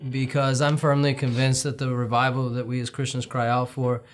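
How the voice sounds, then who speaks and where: A man's voice: mid-range voice, little pitch movement, fairly quick. A man hosting a church talk show, giving short murmured replies and earnest remarks. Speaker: host. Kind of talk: casual chat.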